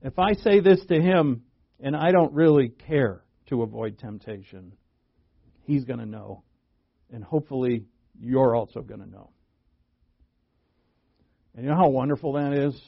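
A man's voice: mid-range voice, unhurried, vocal fry, pauses often, no echo. A man preaching a sermon with emphatic bursts on key words and folksy asides. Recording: dull lo-fi dry recording.

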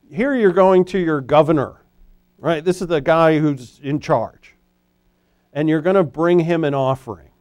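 Male pastor, raised pitch, conversational sermon delivery, dry close sound. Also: dry recording. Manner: conversational, animated preaching with frequent restarts. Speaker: former high school teacher. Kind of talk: expository sermon.

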